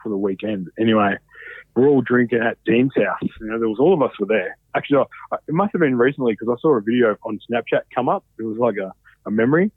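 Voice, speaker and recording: A man's voice: mid-range voice, quick pace, breathy edge, no room sound. Aussie guy rambling thru a story, swears heaps, dry tinny phone-ish sound. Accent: Australian. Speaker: podcast guest. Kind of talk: casual chat.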